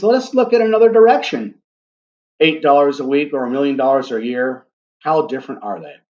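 A man reading a story aloud in a gentle, deliberate way, speaking now and then to his listeners. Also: medium pitch, muffled recording. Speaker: reader.

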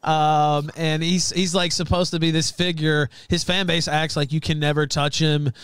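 A man with a fairly high voice talks as a guest on a stream. He sounds aggrieved and profane, stopping and restarting often, and the sound is dry and close. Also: level tone, moderate pace, a bit bright, smooth, dry recording. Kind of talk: casual stream talk.

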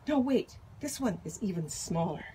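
Woman reader as wise storybook panda: gentle, unhurried, a little playful, lively pitch. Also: a little hiss or hum, lightly acted. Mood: greedy fussing. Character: calm wise male giant panda.

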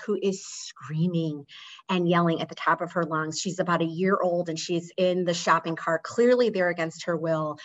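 A woman's voice: fairly low pitch, highs cut off. A woman executive and interview guest, speaking earnestly and loosely in a conversational storytelling way, with many fillers and restarts over a video call.

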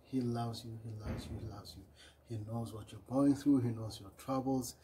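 In a short devotional message, a preacher reads from scripture and pauses to correct himself with small apologies. His mid-range voice stays fairly even at a normal speed, with background noise present, and his earnest, repetitive delivery often trails off quietly at the ends of phrases.

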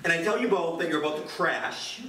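A man teaching high schoolers in a classroom, chatty and self-deprecating, with lively jokes. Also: brisk, slight background noise. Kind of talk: classroom lecture. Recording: roomy, distant classroom mic.

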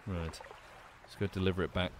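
A man's voice: low-pitched, flat delivery, a little fast, slight background noise. A man streaming a game, talking casually and wryly, with the odd curse. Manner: chatty, wry, swears casually. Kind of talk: casual gameplay commentary.

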